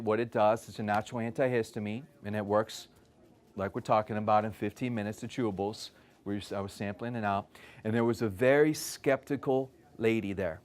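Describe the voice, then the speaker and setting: Man, wellness presenter, animated storytelling, frequent "okay?" check-ins, mid-range voice. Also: medium pitch. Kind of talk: live talk with stories.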